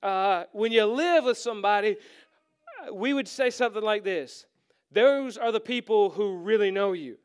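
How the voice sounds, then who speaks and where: A middle-aged male pastor preaching with a high voice, smooth and clear in tone. He talks in an animated way, acting out little quoted exchanges and joking at his own expense. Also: normal speed. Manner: animated, acts out quotes, self-deprecating humor. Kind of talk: sermon.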